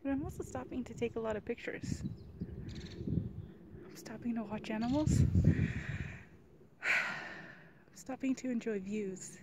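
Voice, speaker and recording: A woman hiking alone, talking to her camera on a mountain trail in a slow, heartfelt way, slightly out of breath and often dropping to a hushed whisper. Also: a little high, noisy background. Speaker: hiker vlogging alone. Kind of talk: reflective outdoor vlog.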